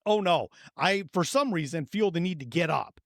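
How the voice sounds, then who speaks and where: A man in his thirties co-hosting a podcast, telling a profane, animated story and acting out his own reactions. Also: on the high side, normal speed, dry recording, clean studio sound. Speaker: podcast co-host. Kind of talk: casual storytelling chat.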